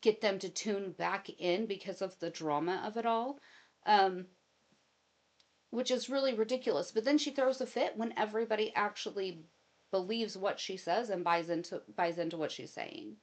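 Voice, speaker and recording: A woman hosting casual commentary with a voice of ordinary middle pitch. She talks in an opinionated way and drifts into long personal anecdotes. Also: moderate pace. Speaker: commentary host.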